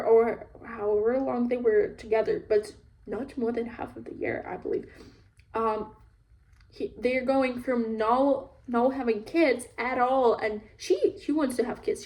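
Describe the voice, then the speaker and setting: A woman with a fairly high voice talks through a book review in an unhurried, loose way. She rambles and leans on filler words as she goes, keeping the tone relaxed and conversational. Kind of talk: casual book review chat.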